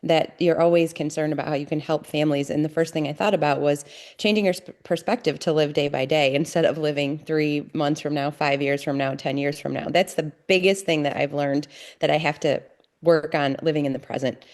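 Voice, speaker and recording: Low-voiced woman telling a personal story. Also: steady tone, a little mellow. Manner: earnest, halting, many restarts and fillers. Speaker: podcast guest.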